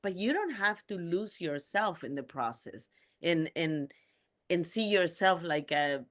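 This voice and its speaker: A woman's voice: lowish voice, unhurried. A woman from Peru, hosting a podcast and chatting casually, telling stories with animation. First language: Spanish. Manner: animated storyteller who acts out quoted voices. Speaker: podcast host. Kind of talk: casual interview chat.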